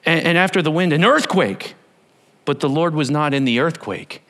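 A male pastor delivers a dramatic sermon with a slightly high voice. He tells the story with animated swings, rising to shouts and falling to soft whispers. His delivery is expressive and storytelling. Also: normal speed.

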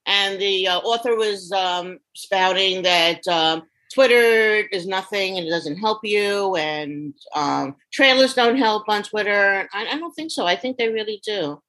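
A woman's voice: mid-range voice, unhurried, hardly any pauses, fairly bright tone, rough recording. A middle-aged woman from Brooklyn with a Brooklyn accent, a guest author chatting frankly in a casual interview. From Brooklyn, New York. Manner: frank, chatty, trailing restarts.

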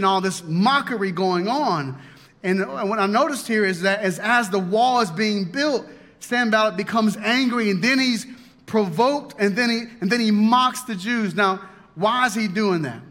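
Bright-voiced man preaching a lively sermon. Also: high-pitched. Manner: folksy, joking, animated, with frequent restarts. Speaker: pastor. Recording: long hall reverb.

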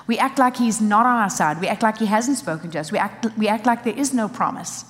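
A woman's voice: mid-range voice, brisk, long reverb tail. A woman preaching a sermon with emphasis, driving points home in short repeated phrases.

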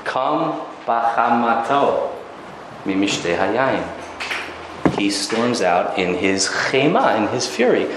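A man teaching a religious text through dramatic, animated storytelling. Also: mid-range voice, noisy background. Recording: very echoey room, faint ambience.

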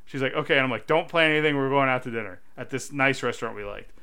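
A man in his thirties co-hosting a casual podcast, telling stories with lively acted-out quotes. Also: mid-range voice, racing, clean tone. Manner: animated storyteller, acts out quotes. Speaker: podcast co-host. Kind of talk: casual chat.

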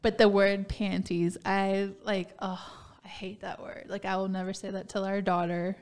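A woman's voice: medium pitch, flat delivery, moderate pace, darkish tone. Giggly young woman podcast co-host. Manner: giggly, playful, frequent laughter. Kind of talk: casual chat.

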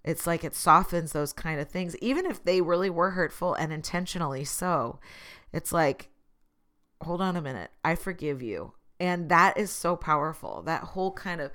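A woman with a notably low-pitched voice talks straight to her viewers in a loose, reflective monologue. She is earnest and open, and she pokes fun at herself with easy laughs. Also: normal speed, fairly bright tone. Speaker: vlogger.

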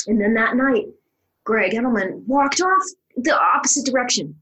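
A woman's voice: normal speed, rough recording. A middle-aged woman, a stage actor, telling a story in a casual interview and acting out the lines she quotes. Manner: animated storyteller, acts out quoted lines with big pitch jumps.

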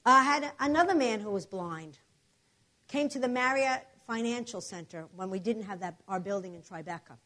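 A woman preaching a sermon, telling healing testimonies with emphatic, animated storytelling and repeated declarations. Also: medium pitch, moderate pace.

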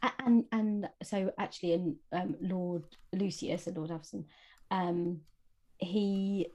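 A woman's voice: on the low side, steady tone, slow pace, a little mellow. Thoughtful, hesitant woman co-host. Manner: hesitant, many fillers and restarts, thoughtful. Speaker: podcast co-host. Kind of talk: casual book discussion.

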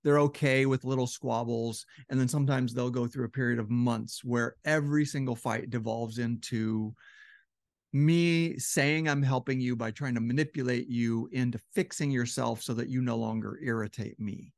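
A man with a gravelly, fry-heavy voice explains relationships in a loose, conversational way. His voice sounds a bit strained. The recording is close and dry, with no room around it. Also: medium pitch, fairly even intonation, normal speed, a little mellow, dry recording. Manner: conversational, acts out quoted couples with shifting voice. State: slightly strained voice. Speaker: relationship educator. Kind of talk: casual explanatory talk.

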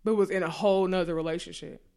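Her voice runs on the low side, quick, clear and resonant with some vocal fry. As co-host of a casual chat, the woman tells dating stories laced with swearing, animatedly acting out others' words in a louder voice.

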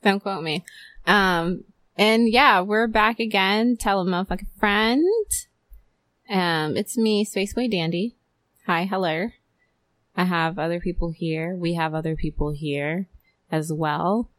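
A woman's voice: fairly low pitch, measured pace, fairly bright tone, dry recording. A young woman hosting a casual podcast chat, playful and full of fillers, laughing often. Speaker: podcast host.

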